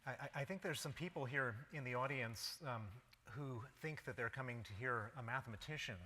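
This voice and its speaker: A man's voice: mid-range voice, fairly quick, bright, forceful tone, a little hiss or hum. A man in his fifties with an American accent, telling his story in a public lecture with a wry tone and many ums. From United States. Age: 50s. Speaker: guest lecturer. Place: lecture hall. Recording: reverberant lecture hall.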